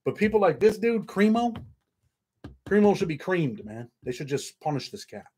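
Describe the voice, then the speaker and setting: A man's voice: high-pitched, sing-song, moderate pace, darkish tone, breathy edge. A man hosting a casual livestream, rambling and swearing while reading viewer comments aloud. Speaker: show host.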